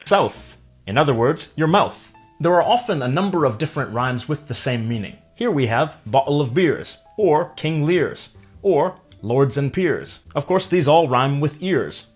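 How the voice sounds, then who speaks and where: A man narrating a scripted language lesson, explaining clearly and stretching example words out slowly. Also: on the high side, expressive, faint music behind. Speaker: language teacher.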